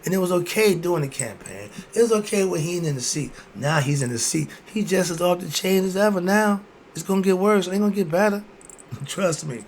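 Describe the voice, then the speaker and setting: A man giving an emphatic, preachy commentary monologue, firing off rhetorical questions and breaking into sudden loud bursts. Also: high-pitched, lively intonation, fairly quick, slight background noise.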